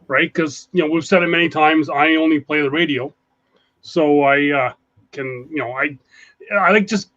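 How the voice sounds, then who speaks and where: A man talking very fast and rambling as a guest in a casual call-in chat. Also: fairly high pitch, a bit bright, highs cut off.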